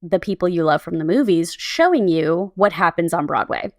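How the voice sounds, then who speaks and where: A woman co-hosting a podcast in casual chat, animated and rambling, often laughing. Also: lowish voice, normal speed. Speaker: podcast co-host. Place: Los Angeles.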